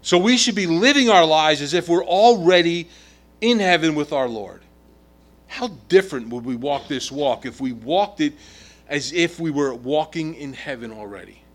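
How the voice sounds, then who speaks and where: A man's voice: a little high, lively intonation, normal speed. A middle-aged man preaching a sermon in an emphatic way, his volume rising and falling. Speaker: pastor.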